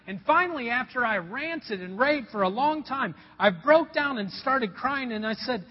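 High-voiced preacher in an echoing hall. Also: male voice, animated, moderate pace, hardly any pauses, slightly rough. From Indiana, USA. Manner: earnest storytelling, addresses the congregation as folks. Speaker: pastor. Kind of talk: sermon. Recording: dull sound with long hall reverb.

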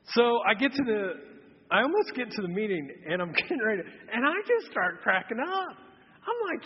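A man in his thirties preaching a humorous sermon, telling a self-mocking story in an animated way. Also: high voice, fairly quick, breathy edge, long reverb tail, lo-fi sound. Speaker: pastor. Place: church auditorium.

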